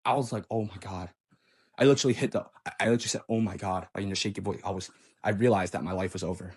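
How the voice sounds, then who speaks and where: A man's voice: sits low, racing, a little mellow, slightly rough. A man telling a painful personal story in a casual monologue, often stammering, restarting words and sighing, with a subdued delivery. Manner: hesitant, stammering restarts and sighs.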